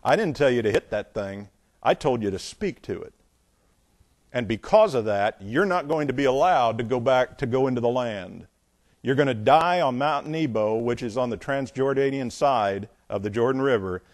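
A stern deity, voiced by a male preacher speaks a judgment in a calm, lowered tone. He is measured and firm, without raising his voice. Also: dry recording, lightly acted.

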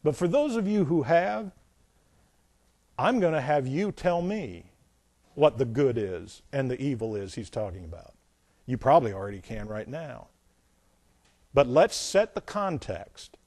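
A male pastor preaching, reading scripture aloud and then explaining it with folksy asides and dramatic swings between loud emphasis and quiet remarks. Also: mid-range voice, sing-song, measured pace, pauses often, no echo. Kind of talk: sermon.

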